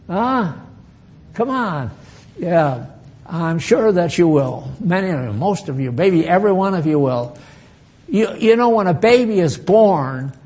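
A man's voice: high voice, a little mellow. An older man preaches in a slightly raised voice, taking his time. He jokes with the people in front of him, asks them questions and chuckles at his own remarks. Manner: folksy, bantering with the congregation, chuckling asides. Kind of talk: sermon.

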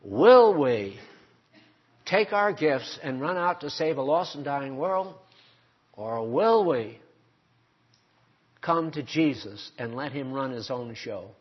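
A man's voice: medium pitch, animated, slow pace, pauses often, slightly rough. An older man preaching a sermon, emphatic and full of rhetorical questions put to his congregation. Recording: dull lo-fi sermon recording.

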